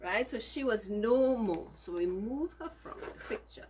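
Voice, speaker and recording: A woman telling a story to children, gentle and emphatic, with lots of repetition. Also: on the high side, lively intonation, a little slow, slight background noise.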